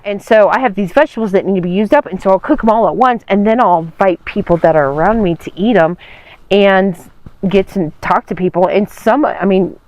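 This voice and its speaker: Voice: mid-range voice, a little fast, no echo, low-quality recording. An adult speaker giving a cheerful, matter-of-fact interview answer. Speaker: interviewee, nomad.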